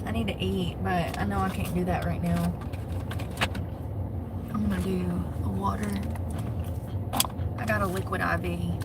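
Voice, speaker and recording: A woman's voice: fairly low pitch, level tone, measured pace, pauses often, heavy background noise. A woman live-streaming from her parked truck on her phone. She chats casually with her viewers, laughs often and greets them by name.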